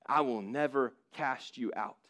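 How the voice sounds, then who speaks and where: A preacher voicing a gentle, reassuring Christ. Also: male voice, mid-range voice, pitched below the performer's own voice. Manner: soft, calm, measured. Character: gentle, steady male Christ figure, calm and reassuring.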